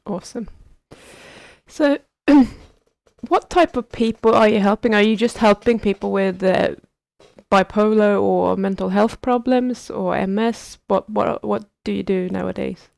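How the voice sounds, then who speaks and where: Woman host with a bit of vocal fry, dry close sound, curious, long winding questions. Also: medium pitch, fairly even intonation, unhurried, darkish tone, no echo. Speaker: podcast host. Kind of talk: casual interview chat.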